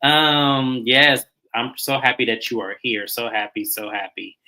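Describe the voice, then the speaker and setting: Male host for a live recap stream, bright tone, conversational, drops in slang and greets viewers. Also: medium pitch, flat delivery, unhurried, rough recording. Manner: chatty, greets viewers by name, colloquial. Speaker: reality show recap host.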